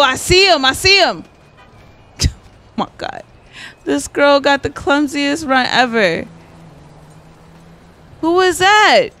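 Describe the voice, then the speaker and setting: A woman's voice: sits high, fairly bright tone. A young woman giving casual, chatty commentary as she plays a video game, exclaiming and talking straight to her viewers. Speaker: gaming YouTuber.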